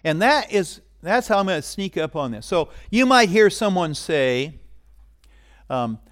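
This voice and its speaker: A middle-aged man preaching a sermon as pastor, animated and getting loud for emphasis. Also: high-pitched, unhurried.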